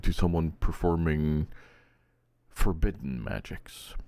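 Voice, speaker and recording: A man's voice: a bass voice, expressive, slow pace, gravelly, dark tone, no room sound. A man with a Norwegian accent running a tabletop game as game master, talking hesitantly. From Norway. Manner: hesitant, with many fillers and restarts.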